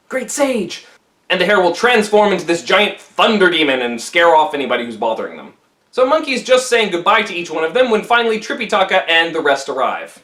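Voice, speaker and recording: A man retelling an old legend in a casual, animated storytelling style with jokey asides. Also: a little high. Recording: roomy echo.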